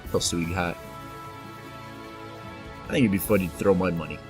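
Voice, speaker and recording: A man with a fairly low voice gives a playful let's-play commentary. He teases the monsters and reads the game text aloud, with quiet game music playing behind him. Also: fairly quick. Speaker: gameplay commentator.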